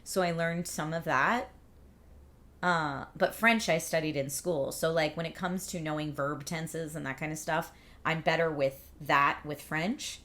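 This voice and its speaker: A woman's voice: low voice, measured pace, fairly bright tone. A woman hosting a livestream, chatting casually and reading out viewer comments in an upbeat, rambling way. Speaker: livestream host.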